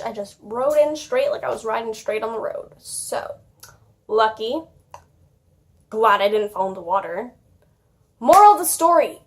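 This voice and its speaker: Giggly high-voiced young woman vlogger. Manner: chatty, giggly, lots of "like". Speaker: YouTuber. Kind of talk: casual storytime vlog.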